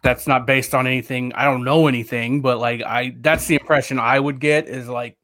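A man's voice: medium pitch, steady tone, fairly quick, a bit bright, dry recording, clean studio sound. A man co-hosting a podcast in casual chat, rambling and hedging with lots of fillers. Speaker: podcast co-host.

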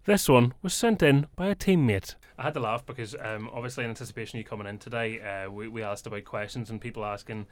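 A man's voice: mid-range voice, fast, hardly any pauses, no room sound. A man hosting a sports podcast, chatting and laughing along with his guests. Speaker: podcast host.

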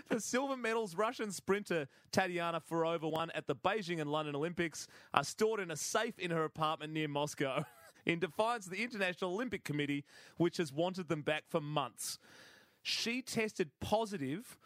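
Guy on a comedy podcast, kinda high voice, laughing through the news, dry close sound. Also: animated, normal speed, a bit bright, no echo. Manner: chuckling, storytelling with many fillers. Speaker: podcast co-host. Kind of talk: casual comedic news chat.

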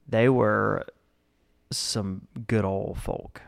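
A man's voice: fairly low pitch, fairly even intonation, extremely slow, gravelly. A man in his thirties chatting casually, telling stories from old jobs and acting out the people in them. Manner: laid-back storytelling, acts out quoted people. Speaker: guest telling work stories. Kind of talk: casual chat.

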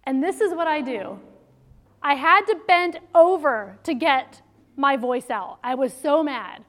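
A middle-aged woman speaking to an audience of mothers in a faith-based talk, telling stories in an animated way and laughing often. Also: sits high, measured pace. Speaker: speaker to moms. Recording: long hall reverb.

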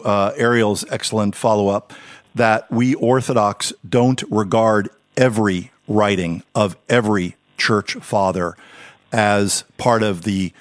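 A man hosting a radio call-in show, moderating guests and callers briskly. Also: fairly low pitch, no room sound. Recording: dry studio sound.

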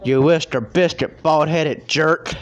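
A man's voice: a little high, fairly even intonation, a little slow, highs cut off. A man hosting a podcast, delivering a furious, insulting, threatening rant. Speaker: podcast host. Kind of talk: angry ranting podcast.

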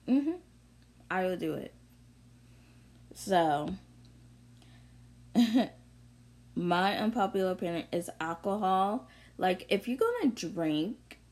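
A woman's voice: lowish voice, a little mellow. A young woman vlogger ranting bluntly through an unscripted monologue, full of profanity and confrontation. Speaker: vlogger sharing opinions.

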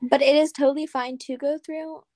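A young woman co-hosting a podcast in casual chat, teasing, apologetic and quick to laugh. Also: sits high, steady tone, a little mellow, no room sound. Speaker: podcast co-host.

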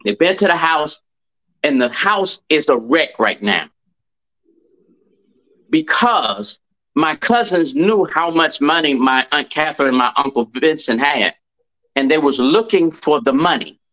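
A man's voice: on the high side, animated, measured pace, a bit bright, lo-fi sound. Emphatic middle-aged man storyteller. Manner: emphatic, repeats key phrases for effect. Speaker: podcast guest. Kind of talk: personal storytelling.

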